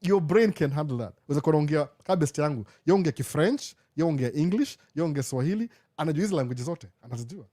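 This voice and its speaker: A man's voice: a little high, animated, racing, hardly any pauses, mellow. A young Kenyan man with a Kenyan accent, hosting a casual live Q&A chat and switching back and forth between Swahili and English. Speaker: live show host.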